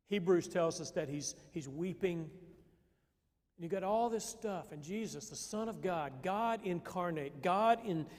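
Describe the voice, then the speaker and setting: A man preaches a sermon in an easy, conversational manner, stopping and restarting as he thinks aloud. His voice sits somewhat high for a man. A long reverb trails after his words, as in a large church. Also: darkish tone. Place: church sanctuary.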